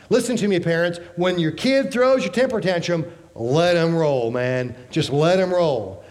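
A man in his fifties delivering a sermon with emphatic, punchy phrasing. His voice sits a bit high for a man. He keeps drawing in listeners with rhetorical questions and quick jokes. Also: darkish tone. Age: 50s. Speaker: pastor.

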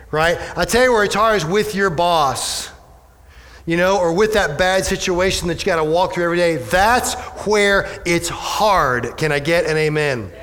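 A male pastor preaching a sermon, animated, with many rhetorical questions to the congregation. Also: a little high. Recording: echoey hall with long reverb.

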